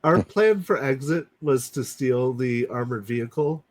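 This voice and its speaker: A man's voice: medium pitch, a little slow, no room sound. A man playing a tabletop role-playing game, wry and confident. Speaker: player. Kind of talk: tabletop role-play chat.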